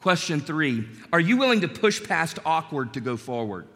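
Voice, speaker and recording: Pastor guy preaching, bright voice a bit high, big echoey church hall, chatty storytelling. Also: moderate pace. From North Carolina. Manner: conversational, storytelling, animated asides. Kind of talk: sermon. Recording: long hall reverb.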